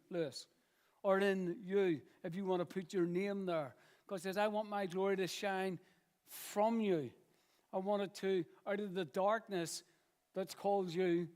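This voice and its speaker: A man with a high voice preaching in church. He speaks earnestly and stretches out key phrases with slow pauses, repeating them for emphasis. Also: darkish tone. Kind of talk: sermon.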